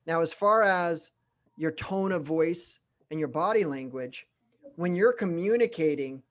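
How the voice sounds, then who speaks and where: In a sales training session, a middle-aged man with a fairly high voice talks with animation, speeding up, slowing down, and pausing for emphasis.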